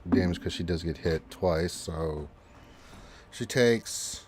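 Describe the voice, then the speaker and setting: A man narrating a tabletop game as dungeon master, describing the action slowly and deliberately. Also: low-pitched, a little mellow, breathy edge. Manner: slow, deliberate describing of combat.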